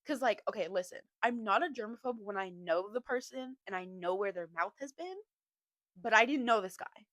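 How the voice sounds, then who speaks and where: A young adult woman hosting a podcast, telling a story in a chatty, animated way, laughing often and filling her talk with "like.". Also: mid-range voice, normal speed, dry recording. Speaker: podcast host. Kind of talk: casual storytime chat.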